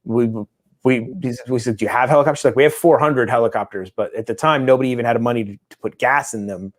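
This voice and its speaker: A man's voice: mid-range voice, quick pace. A man co-hosting a casual chat show, telling a long rambling story and acting out the people in it. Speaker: podcast co-host.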